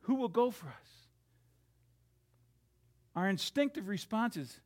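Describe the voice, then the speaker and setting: A man preaching a sermon, swinging from loud, dramatic lines to hushed ones and acting out the quotes he reads. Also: high voice, huge pitch swings, moderate pace, creaky, long pauses.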